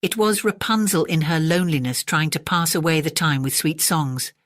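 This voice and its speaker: A woman reads a classic fairy tale as a soothing bedtime story, gentle and unhurried. Her voice sits low, recorded close and dry. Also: no room sound.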